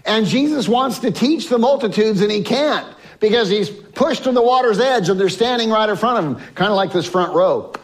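A man preaching a sermon, telling a Bible story and acting out the voices of the people in it, dropping from loud to hushed. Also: high voice, animated, normal speed. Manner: swings from loud emphasis to soft hushed lines. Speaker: pastor.

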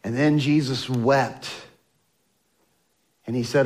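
Male preacher, slow and emphatic, slightly high-pitched, sermon delivery. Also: lively intonation. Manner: emphatic, rising to exclamations and dropping to hushed tones; acts out quoted speech of biblical figures.

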